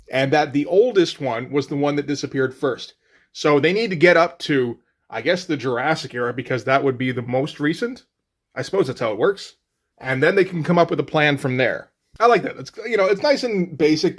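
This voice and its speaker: Man, relaxed comic recap host, slightly high voice, loose and profane. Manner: laid-back, swears casually, thinks aloud. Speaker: comic book reviewer.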